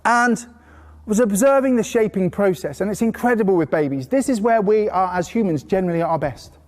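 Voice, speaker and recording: High-voiced man teaching in a reverberant hall. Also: brisk. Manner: lively and anecdotal, with playful put-on praise voices. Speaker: horse trainer teaching a course. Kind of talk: live workshop talk to a group. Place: indoor training venue with a horse brought in.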